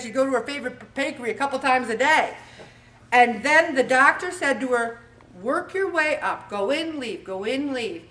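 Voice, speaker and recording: Bright, animated woman host. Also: sits high, far from the mic. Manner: animated, acts out little scenes. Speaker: weight-loss show host. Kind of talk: motivational talk to a group.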